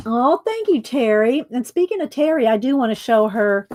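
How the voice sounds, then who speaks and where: A woman's voice: a little high, lively intonation, normal speed, hardly any pauses, a little mellow. A woman hosting a casual crafting livestream, chatting with viewers by name as she works. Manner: chatty, many fillers and restarts, talks to viewers by name.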